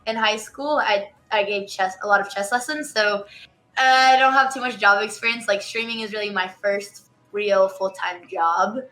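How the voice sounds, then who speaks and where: A woman's voice: mid-range voice, fairly even intonation, normal speed, bright, forceful tone, poor audio. An eighteen-year-old woman who streams, chatting casually on a call in a bubbly, slightly flustered way. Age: teens. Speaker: streamer guest. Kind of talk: casual chat.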